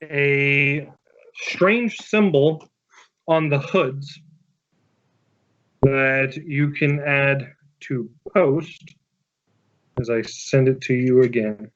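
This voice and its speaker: A man's voice: mid-range voice, extremely slow, pauses often, fairly bright tone. A man narrating as game master of a tabletop game in a casual, plain way with filler words. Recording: slightly dull lo-fi sound.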